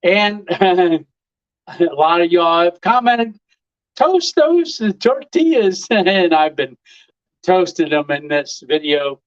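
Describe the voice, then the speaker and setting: A man's voice: fairly high pitch, slow, clean tone. Rambling chuckling man on a lo-fi stream. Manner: rambling storyteller, lots of "uh" and chuckles. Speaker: live stream host. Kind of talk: casual live-stream chat.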